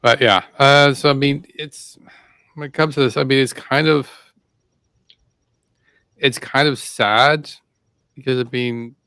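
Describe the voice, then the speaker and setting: Male co-host, bright tense tone, dry close sound, rambling commentary. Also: medium pitch, fairly even intonation, measured pace, pauses often, smooth, dry recording. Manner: hesitant, rambling with many restarts. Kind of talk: casual chat.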